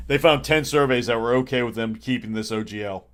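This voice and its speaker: A man rambles sarcastically on a livestream, chuckling as he goes. His delivery is loose and conversational, the tone of a host thinking out loud to his viewers. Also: medium pitch, fairly even intonation, fairly quick, hardly any pauses. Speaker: streamer. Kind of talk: casual livestream chat.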